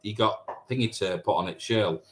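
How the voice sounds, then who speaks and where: A man's voice: fairly low pitch, moderate pace, fairly bright tone. A man in his thirties hosting a live stream, chatting and teasing viewers as he reads their comments. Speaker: live stream host reading chat. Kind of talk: casual chat with viewers.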